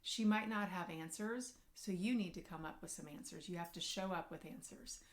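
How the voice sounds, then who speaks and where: A woman working as a parenting coach and social worker, speaking to camera and giving advice directly to parents in an earnest, gentle way. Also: on the low side, moderate pace.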